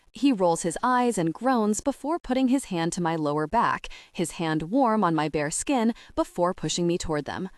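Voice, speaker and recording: A young adult woman reading a first-person romance audiobook in an expressive, playful manner. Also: lowish voice, normal speed, hardly any pauses, no echo, studio quality. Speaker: audiobook narrator.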